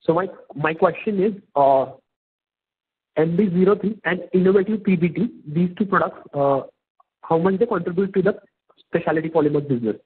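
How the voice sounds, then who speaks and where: Male analyst caller, halting and repetitive, very muffled voice on a speakerphone line. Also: sits high, husky. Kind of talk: earnings call question.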